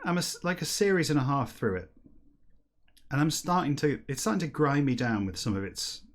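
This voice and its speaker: A man's voice: mid-range voice, lively intonation. A man hosting a comedy stream, rambling wryly between stretches of reading a book backwards aloud. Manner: chatty, rambling and wry, breaking into silly slow-read dialogue. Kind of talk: livestreamed comedic reading and chat.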